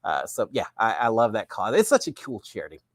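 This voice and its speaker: A middle-aged man with a drawl hosts a relaxed live show, chatty and rambling. His pitch swings up and down a lot. The sound is dry and close. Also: a little fast, no echo. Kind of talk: casual live-stream chat.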